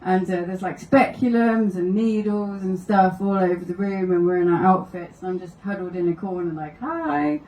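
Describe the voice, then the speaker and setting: A woman's voice: fairly low pitch, fairly even intonation, normal speed, few pauses, dark tone, echoey room, recorded from a distance, rough recording. A woman doing stand-up, telling wry anecdotes and laughing through her stories at a live comedy venue. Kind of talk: stand-up storytelling.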